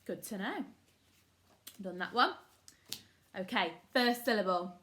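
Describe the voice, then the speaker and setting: A woman's voice: medium pitch, expressive, takes it slowly, fairly bright tone. A woman teaching a phonics lesson to young children, upbeat and encouraging, sounding words out syllable by syllable. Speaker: primary school teacher.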